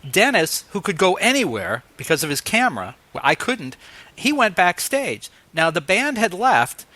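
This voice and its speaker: A man in his fifties hosting an interview, telling stories in a casual, animated way and acting out the voices he quotes. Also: high voice, moderate pace. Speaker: interviewer host.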